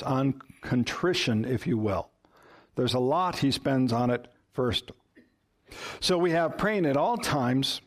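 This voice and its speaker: A pastor giving an animated sermon, telling stories and asking the congregation questions. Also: male voice, on the high side. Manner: animated storytelling with audience questions.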